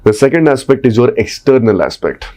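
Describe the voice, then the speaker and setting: A man's voice: medium pitch, lively intonation, a little fast, dark tone. A man with an Indian English accent, coaching on speaking and voice in a podcast conversation, checking in often with "right?". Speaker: communication coach.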